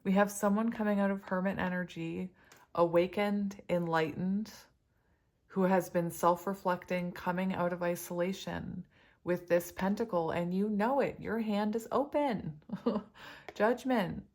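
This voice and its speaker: A woman doing a casual tarot reading for her viewers, excitable and laughing often as she talks straight to them. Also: lowish voice, a little slow. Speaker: tarot reader.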